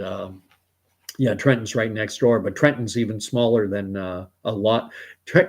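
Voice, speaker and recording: A man from Canada hosting a livestream, reading viewer comments aloud and musing in a rambling, digressive way. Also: fairly low pitch. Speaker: host.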